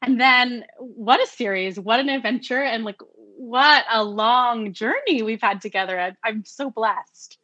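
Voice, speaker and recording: A woman's voice: on the high side, measured pace, few pauses, bright, forceful tone, no room sound, dull audio. A woman who works as an audiobook narrator, chatting in an interview and acting out her own quoted thoughts with bursts of laughter. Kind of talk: conversational interview.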